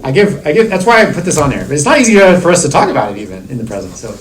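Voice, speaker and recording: A man's voice: fairly high pitch, big pitch swings, racing, a crowd in the background, rough recording. A middle-aged man, a university lecturer, talking through theory in a classroom seminar, circling back with restarts and fillers. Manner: discursive, many restarts and "like" fillers.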